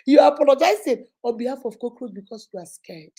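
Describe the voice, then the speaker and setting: A woman's voice: high-pitched, dark tone, breathy edge. A woman hosting a live motivational talk, speaking emphatically and repeating her points. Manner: emphatic, preachy, repetitive. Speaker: host.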